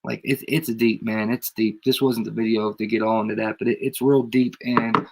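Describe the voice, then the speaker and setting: A low, creaky voice with flat delivery comes at a moderate pace, with slight background noise. The speaker is a channel host with a head cold giving a casual livestream rant, emphatic and slangy, repeating his points over and over.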